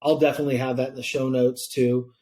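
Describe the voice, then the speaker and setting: A man's voice: medium pitch, flat delivery, fast, dark tone. A male podcast host runs a casual interview, with a mid-range voice and plenty of slang. He sounds hyped and enthusiastic as he reacts and closes the show.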